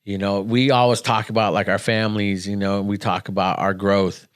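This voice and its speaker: A man's voice: fairly low pitch, flat delivery, fairly quick, smooth, no room sound, clean studio sound. A man co-hosting a podcast, chatting in an upbeat, chummy way. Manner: upbeat, chummy, calls his partner man and dude. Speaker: podcast co-host. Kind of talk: casual chat.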